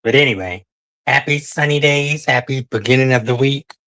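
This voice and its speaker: A man's voice: medium pitch, normal speed, fairly bright tone, no echo. A man hosting a casual livestream, talking in a sassy, drawling way and calling his listeners honey and child. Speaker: livestream host.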